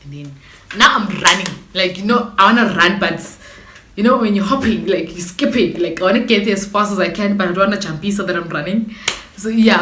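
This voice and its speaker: A young woman with a South African accent tells a story to her vlog audience in a lowish voice, slangy and animated with sudden dramatic outbursts. The sound carries the echo of a bare room, with a faint hiss underneath. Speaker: YouTuber. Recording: echoey room with faint noise.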